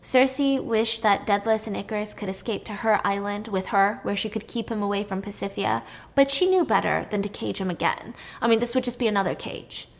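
A woman's voice: mid-range voice, a little fast. Chatty, irreverent woman storyteller. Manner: chatty, irreverent, swears casually. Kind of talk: casual story retelling.

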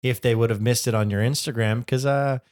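A man's voice: mid-range voice, fairly even intonation, a little fast, darkish tone. A man co-hosting a casual podcast, playful and wry, teasing his partner. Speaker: podcast co-host.

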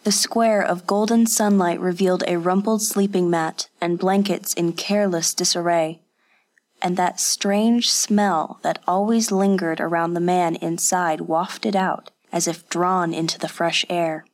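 A woman reading a story aloud in steady, measured narration. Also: fairly low pitch. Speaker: audiobook narrator. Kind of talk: scripted narration.

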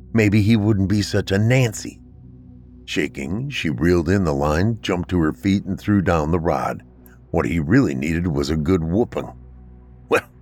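A man narrating a horror story in a dramatic, expressive way. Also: deep voice.

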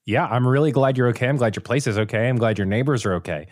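A man's voice: medium pitch, fast talker, a little mellow, no room sound, clean studio sound. A man co-hosting a podcast, chatting casually in a playful, encouraging way and slipping in jokes. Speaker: podcast co-host. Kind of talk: casual chat.

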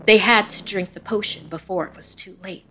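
A woman giving scripted, dramatic narration of a horror story, dropping to a hush in tense moments. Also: mid-range voice, fairly quick, a little hiss or hum.

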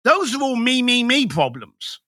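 Animated blunt man, bright voice. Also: very high-pitched, measured pace, dry recording, studio quality. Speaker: guest business coach. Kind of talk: podcast conversation.

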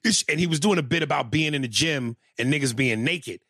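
A male stand-up comedian telling a story in a casual, profane, animated way, with many restarts. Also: fairly high pitch, fairly quick, no echo, clean studio sound.

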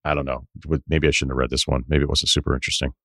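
A man in his forties hosting a podcast, telling rambling stories in casual chat with swearing and animated asides. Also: extremely low pitch, very fast, gravelly, dry recording, studio quality. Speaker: podcast host.

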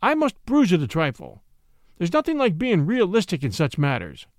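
A man playing Watson, a gleeful scheming gentleman. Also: sits high, wildly swooping pitch, moderate pace, no room sound, studio quality. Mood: smug. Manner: mock-indignant, theatrical protests.

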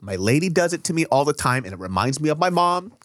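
A man's voice: on the high side, quick pace, no room sound. A man co-hosting a casual podcast, telling stories with lots of laughter and swearing. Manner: animated storyteller, laughs a lot, swears freely. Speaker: podcast co-host. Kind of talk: casual chat.

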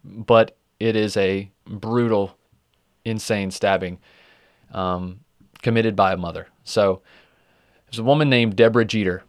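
A man's voice: fairly low pitch, fairly even intonation, unhurried, pauses often, dry recording, studio quality. A man hosting a true crime podcast, chatting casually with many fillers and the odd swear word. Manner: conversational, with frequent fillers and swearing. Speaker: podcast host.

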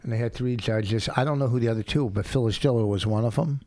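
A man's voice: mid-range voice, fast talker, mellow, no room sound. A middle-aged man co-hosting a podcast, telling a meandering story in casual bickering chat. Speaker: podcast co-host.

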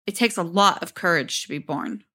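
A woman voicing an adult female therapist as she reads a transcript aloud, calm and coaxing, sometimes harsh. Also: fairly low pitch, moderate pace. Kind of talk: dramatic transcript reading.

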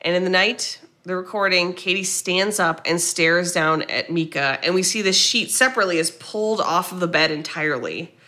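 A woman co-hosting a podcast, retelling a film's plot in a casual, animated way, quoting the characters and swearing now and then. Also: fairly low pitch, moderate pace, hardly any pauses. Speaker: podcast co-host. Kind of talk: casual movie recap chat.

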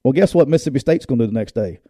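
Very fast and mid-range, this middle-aged man's voice comes through in studio quality without echo. An ex-football coach co-hosting a casual program, he tells stories with animation, laughing and performing the voices of people he quotes.

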